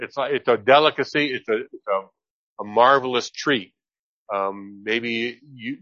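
A man's voice: sharp tone, no room sound. Fervent male preacher, dry dull sound. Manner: reads scripture slowly, then speeds up and rises in pitch with fervor. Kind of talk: sermon, Bible teaching.

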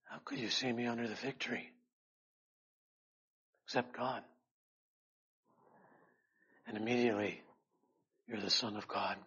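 Slow, earnest male preacher, lo-fi. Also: mid-range voice, steady tone, slightly rough. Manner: slow, earnest, swells loud then drops to quiet. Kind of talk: sermon.

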